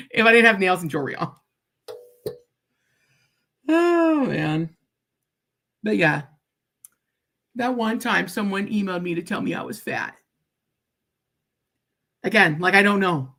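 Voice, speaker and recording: A young woman hosting a casual live stream from her craft space, talking frankly as she works. Her voice swings up and down, lively and expressive. She laughs a lot and keeps asking "right?" to her viewers. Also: mid-range voice, slow, pauses often. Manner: chatty and blunt, laughs often, says "like" and "right?" a lot.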